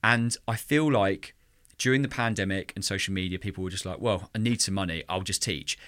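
A man's voice: low voice, brisk, dry recording. A man co-hosting a podcast, talking passionately about music teaching and scatting drum rhythms. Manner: passionate, animated, mimics drum rhythms vocally. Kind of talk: casual podcast chat.

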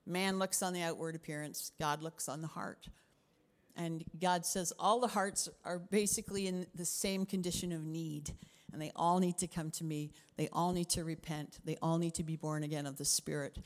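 A woman's voice: low-pitched, moderate pace. Woman pastor preaching in a reverberant hall. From Canada. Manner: expressive, drops to whispers for emphasis. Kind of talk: sermon.

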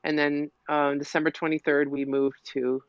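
A woman's voice: deep voice, flat delivery, normal speed, no room sound. A middle-aged woman with a Minnesota accent tells her story as a podcast guest, chatty and meandering. The recording is dry and a little dull. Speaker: podcast guest, local piper. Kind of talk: casual interview chat. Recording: slightly muffled, dull audio.

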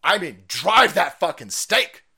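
Male streamer host, angry profane rant, high voice with big swings. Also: sing-song, unhurried, slightly rough. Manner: angry, profane, shouting bursts. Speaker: livestream host. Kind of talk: ranting livestream commentary.

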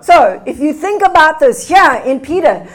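An older woman preaching a sermon as a guest minister, telling stories with animated delivery and rising to fervent exclamations. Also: sits high, normal speed.

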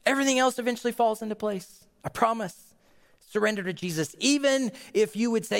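A man's voice: high voice, very animated, normal speed, big-room sound. A man, a pastor, preaching an earnest, emphatic sermon in a church and closing with a prayer.

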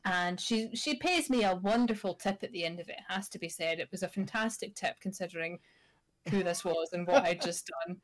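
A woman's voice: lowish voice, brisk. A Scottish woman in her thirties, co-hosting a podcast and telling a sweary, wry story in casual chat. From Scotland. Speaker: podcast co-host.

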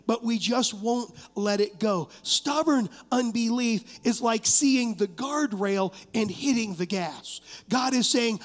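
A man delivers an impassioned sermon from the pulpit. His voice sits unusually high, and he keeps turning to the congregation with direct questions. Long reverb from the church sanctuary trails every phrase. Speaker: pastor.

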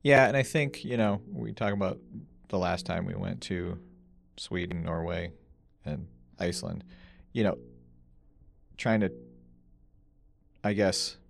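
A middle-aged man co-hosting a podcast, relaxed and rambling, with lots of fillers. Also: low-pitched, a little slow, creaky, long pauses. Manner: easygoing, rambling with fillers, apologetic. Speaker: podcast co-host. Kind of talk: casual chat.

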